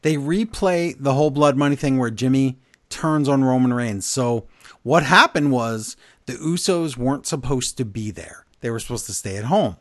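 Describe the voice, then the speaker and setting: A man co-hosting a podcast, recapping events in casual chat, animated and blunt with his opinions. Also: mid-range voice, normal speed, dry recording, clean studio sound. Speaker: podcast co-host.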